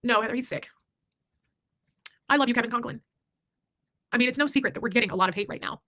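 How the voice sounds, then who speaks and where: Woman livestream host, breakneck rambling chatter, crisp and forceful, swears freely. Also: on the high side, fast talker, no room sound. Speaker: livestream host reading super chats. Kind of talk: casual livestream chat.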